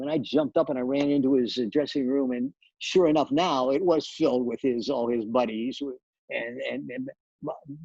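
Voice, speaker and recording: An older man recounts studio anecdotes on a video call, his voice gravelly with a husky edge. He circles back and restarts his sentences as he tells the story. The audio is dull and lo-fi. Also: mid-range voice, darkish tone, dry recording. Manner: anecdotal, many restarts and repeated words. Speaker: television director, guest. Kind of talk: storytelling interview.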